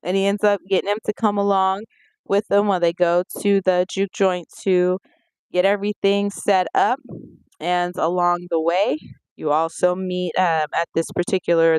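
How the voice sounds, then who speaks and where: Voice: medium pitch, smooth, no echo. A movie reviewer talking in a casual, conversational way and recapping scenes from the film. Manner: conversational, retells scenes with lively acted-out quotes.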